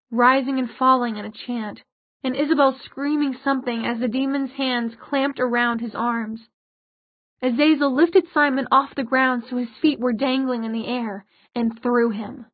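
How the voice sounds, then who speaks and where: A woman's voice: high voice, no room sound. Woman narrating fiction over a phone-like line. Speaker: audiobook narrator. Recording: dry, phone-like narrow sound.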